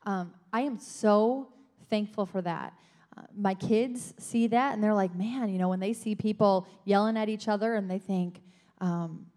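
Middle-aged woman, co-preaching, personal testimony, soft line endings, medium pitch. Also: normal speed. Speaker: pastor's wife, co-speaker. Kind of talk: sermon testimony.

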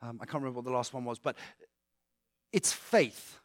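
A man's voice: mid-range voice, normal speed, dry recording. British guy doing a casual church talk, cracks jokes, dry close mic. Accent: British English. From Britain. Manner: chatty and joking, with asides to the audience. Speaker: guest speaker. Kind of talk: church talk with audience questions.

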